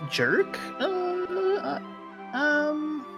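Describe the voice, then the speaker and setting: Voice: sits high, lively intonation, extremely slow, highs cut off, music in the background. A podcast co-host reacting with wry remarks and laughter in casual comic chat.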